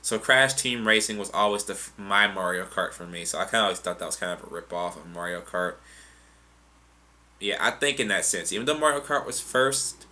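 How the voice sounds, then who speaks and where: On the low side, fairly quick, bright and forceful, a young man's voice answers questions from viewers. His casual talk is loose and profane, wandering with restarts.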